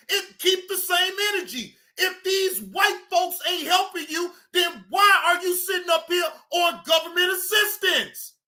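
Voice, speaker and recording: A man hosting a live stream, ranting loudly and profanely at his audience, often shouting. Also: very high-pitched, unhurried, hardly any pauses. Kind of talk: heated ranting commentary.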